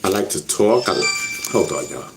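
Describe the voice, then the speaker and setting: A man's voice: low voice, big pitch swings, moderate pace, background noise. A man hosting a casual livestream with speech, rambling and often repeating "you know what I mean.". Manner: gets loud and shouty when worked up. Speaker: livestream host.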